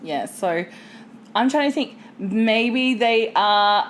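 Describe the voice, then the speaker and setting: A woman co-hosting a casual comedy podcast, giggly and quick to join in with jokes. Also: fairly high pitch, animated, slight background noise. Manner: giggly, quick to laugh and riff. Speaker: podcast co-host.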